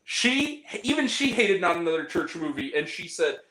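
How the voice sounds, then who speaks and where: A man with a high, very lively voice, talking in an animated way during a casual podcast chat about movies. He swears freely and throws in exaggerated reactions. The room has a noticeable echo. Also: normal speed. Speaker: podcast co-host.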